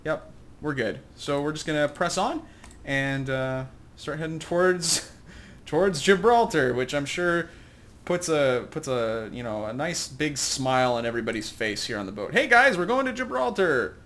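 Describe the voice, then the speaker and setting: A man's voice: medium pitch, moderate pace, fairly bright tone. Rambling, self-mocking gamer man. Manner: rambling, self-deprecating, chuckling asides. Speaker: let's play host. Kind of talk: casual gameplay commentary.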